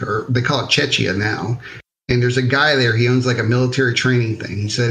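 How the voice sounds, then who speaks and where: A U.S. army veteran, speaking fairly quickly in a steady, mid-range, fairly bright voice, swaps war stories on a podcast over a rough recording. He's relaxed and profane, leaning heavily on fillers in this casual storytelling interview.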